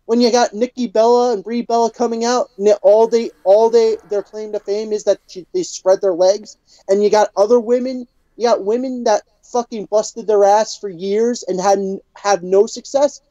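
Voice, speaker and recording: Casting: a woman, mellow dark tone, cursing furiously through an angry rant, in dry, dull lo-fi sound. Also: medium pitch, steady tone, moderate pace, dry recording. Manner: furious, heavy swearing, stammering restarts. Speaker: podcast co-host. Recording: dull lo-fi podcast audio.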